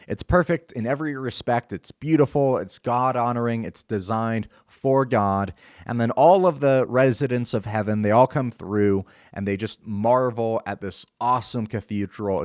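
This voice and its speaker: A young man hosts his own show and gives an earnest religious talk, explaining his point step by step. His voice sits a little low, and he often stops with fillers and restarts his sentences. The recording is dry and close, with no room sound. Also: no room sound. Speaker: show host.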